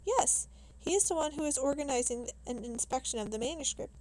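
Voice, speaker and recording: A woman voicing an excitable foreign male professor in a read-aloud novel, in a raised, eager questioning tone. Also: sits high, brisk, poor audio. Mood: earnest.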